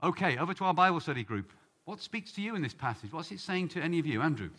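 A man's voice: on the high side, expressive, quick pace, pushed and bright. A man from Britain giving an earnest sermon-style Bible teaching and leading a study group. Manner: earnest, rising on questions and names.

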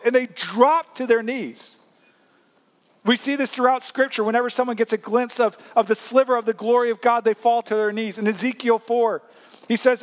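High-voiced man preaching a sermon. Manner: earnest preaching with repeated restarts; rises in pitch and volume at emphatic points. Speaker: pastor.

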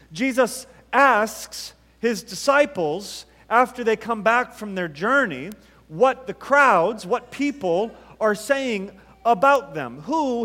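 Male pastor from the U.S., high-pitched, measured sermon delivery, long reverb of a big sanctuary. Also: a bit bright. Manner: emphatic, repeats rhetorical questions with dramatic pauses. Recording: long reverb from a large hall.

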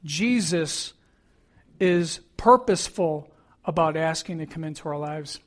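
A man's voice: a little high, measured pace, fairly bright tone. A middle-aged man preaching a sermon as pastor, earnest and emphatic, repeating key phrases.

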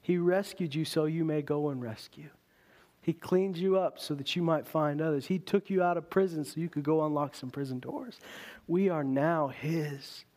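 Animated male preacher, fairly high voice. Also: moderate pace. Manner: animated, swings between loud emphasis and quiet intensity. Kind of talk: sermon.

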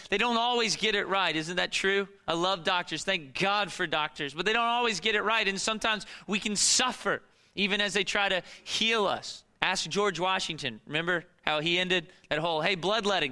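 A middle-aged male pastor preaching a sermon, telling the story dramatically and swinging between loud urgency and hushed, low passages.

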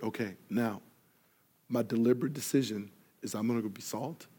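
A man preaching a sermon, telling a story and acting out each person in it, rising loud when excited and falling soft and quiet for earnest points. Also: medium pitch, moderate pace, husky. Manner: animated storyteller, acts out dialogue, grows loud in excitement. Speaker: pastor.

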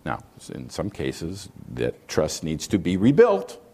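A pastor preaches slowly, his pitch swinging hugely as he reads scripture aloud. He drives his points home with wide shifts in pitch and loudness.

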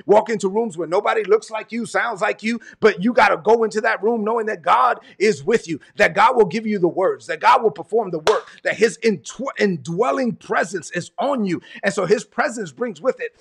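A man's voice: sits high, vocal fry, a bit bright, breathy edge. A man from Brooklyn, preaching a sermon with emphatic, repetitive cadence. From Brooklyn, New York. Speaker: pastor.

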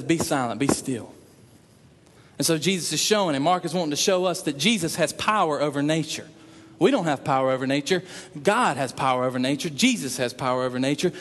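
A man's voice: fairly high pitch, a little hiss or hum. A man preaching a sermon in an earnest way, repeating phrases for emphasis and voicing prayers aloud. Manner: earnest, repetitive emphasis, acts out prayers in quotes. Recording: long reverb in a hall.

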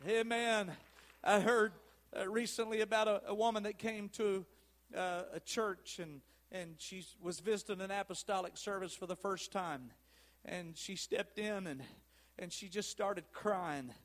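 A man preaching a pentecostal sermon, swinging between shouted praise and hushed, quiet passages. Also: high voice, steady tone, unhurried.

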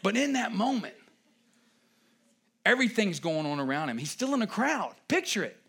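A man preaching a sermon in a church, animated and conversational, with asides to the congregation. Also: high-pitched, normal speed, gravelly, slightly rough.

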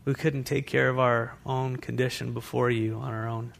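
A man preaching a sermon as pastor to a congregation in a church, animated, with asides to the listeners. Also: mid-range voice, normal speed, creaky.

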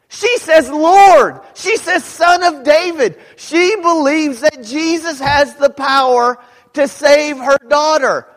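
A man preaching a sermon as pastor, dramatic, rising to shouts when he quotes people. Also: extremely high pitch. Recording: long hall reverb.

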